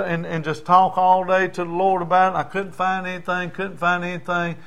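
A man's voice: high voice, completely flat delivery, normal speed, vocal fry, few pauses, a bit bright, clear, resonant tone. An older man, a pastor preaching in a folksy storytelling way, dropping into dialect. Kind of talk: sermon.

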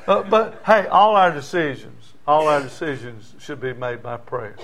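A man's voice: mid-range voice, lively intonation, moderate pace, fairly bright tone. An older man, a pastor preaching in a folksy storytelling way, dropping into dialect. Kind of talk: sermon.

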